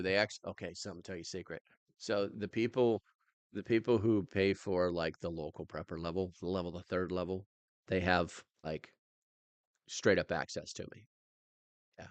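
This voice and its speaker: Chatty male livestream host, lowish voice, rambles with fillers, dry close sound. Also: a bit bright, dry recording. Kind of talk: casual livestream chat.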